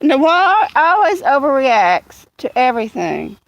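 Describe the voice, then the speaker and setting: A woman's voice: lively intonation, a little slow, a bit bright, dry recording. A woman chatting casually on a livestream outdoors in the evening, cooing at cats now and then. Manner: chatty, coos high at cats. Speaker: livestream host.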